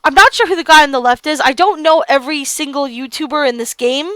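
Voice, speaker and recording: A woman's voice: high voice, fast talker, fairly bright tone, no echo. A woman streamer reading a visual novel aloud and reacting with gasps and laughs. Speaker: let's play streamer.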